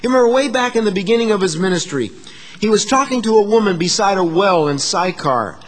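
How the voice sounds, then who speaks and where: Man, pastor, sermon, high-pitched, very animated, hushed-to-emphatic delivery, long hall reverb. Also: quick pace. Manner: dynamic preaching, swings from hushed to emphatic.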